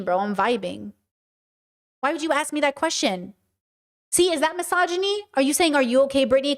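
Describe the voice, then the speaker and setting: Woman livestream commentator, high voice, stern and direct, reads out chat and answers it. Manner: passionate, direct, animated argument. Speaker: streamer and commentator.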